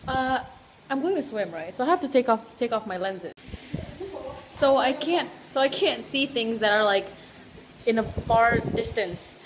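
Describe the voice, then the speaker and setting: A woman's voice: on the high side, expressive, measured pace, slight background noise. A young woman vlogging casually into a handheld camera, chatty and giggly, rambling a little as she talks. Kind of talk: casual vlog chat. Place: hotel room and outdoor sights.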